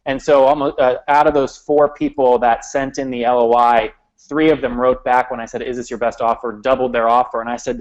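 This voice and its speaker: A man telling confident stories on a sales panel in a brisk way. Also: medium pitch, fairly even intonation. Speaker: panel speaker. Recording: dull lo-fi event recording.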